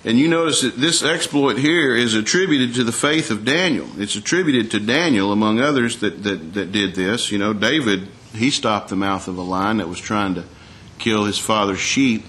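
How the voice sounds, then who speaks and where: Low-voiced man preaching a sermon. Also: fairly bright tone. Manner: conversational preaching with rhetorical questions to the congregation; reads scripture aloud in a slower, raised voice.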